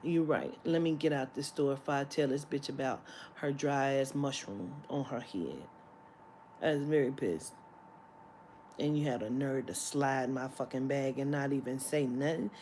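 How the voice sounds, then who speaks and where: A woman's voice: rumbling low, moderate pace, warm tone, a little hiss or hum. Woman ranting through a profane story. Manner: profane, heated storytelling with laughter. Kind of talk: storytime rant.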